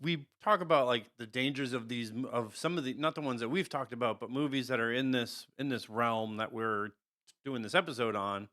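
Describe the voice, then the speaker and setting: A man's voice: mid-range voice, brisk, bright, forceful tone. A man co-hosting a casual podcast chat, joking sarcastically and swearing as he talks. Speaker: podcast co-host.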